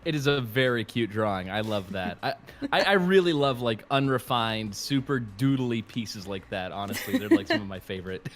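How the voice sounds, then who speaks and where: A man's voice: lowish voice, a bit bright. A man guest, a voice actor, chatting casually over a voice call, a little congested and full of fillers and laughs. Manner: easygoing, laughs often, halting fillers. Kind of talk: casual stream chat. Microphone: remote, heard over a voice call.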